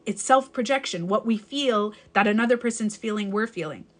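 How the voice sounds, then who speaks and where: A woman's voice: medium pitch, brisk. A young adult woman, a life coach, giving advice in a live stream. She talks candidly and emphatically, swears casually and corrects herself mid-sentence as she rambles.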